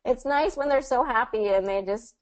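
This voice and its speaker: A woman coaching English pronunciation in a one-on-one video call lesson, patient and encouraging, modelling phrases slowly. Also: on the high side, highs cut off.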